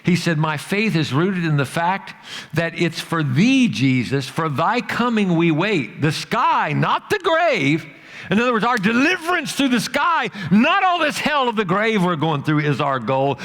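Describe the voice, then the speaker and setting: A man preaching a sermon as pastor, emphatic, swinging between loud, rising declarations and hushed, slow passages. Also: high voice, big pitch swings, long reverb tail. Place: church sanctuary.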